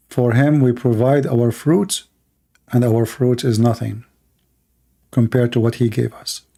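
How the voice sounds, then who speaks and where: Gravelly-voiced man preaching with fervor. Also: medium pitch, mellow. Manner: fervent, declarative, in short emphatic phrases. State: losing his voice. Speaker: livestream host. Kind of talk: impassioned preaching monologue.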